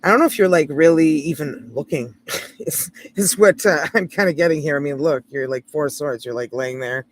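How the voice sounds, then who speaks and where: Canadian woman, tarot livestream host, rambling casual chatter, deeper voice for a woman. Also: normal speed, a little hiss or hum. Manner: chatty, rambling, peppered with "like" and light laughs. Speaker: tarot reader hosting a livestream.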